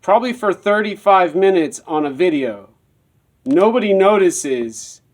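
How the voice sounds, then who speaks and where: A man's voice: high-pitched, expressive, a little slow. A man telling a personal story in a rambling, repetitive monologue.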